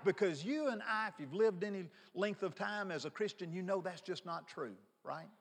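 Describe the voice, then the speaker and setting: A man's voice: high-pitched, lively intonation, moderate pace, few pauses, bright, forceful tone, long reverb tail. Emphatic man in his fifties preaching. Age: 50s. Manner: emphatic, repeats words for stress. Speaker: pastor. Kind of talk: sermon.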